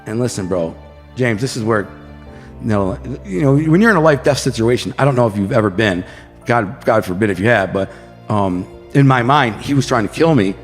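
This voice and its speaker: A man from the Detroit area, a podcast guest, telling an intense story in a fast, casual way, often saying bro and man. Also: on the low side, expressive, big-room sound, faint music behind. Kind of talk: animated storytelling.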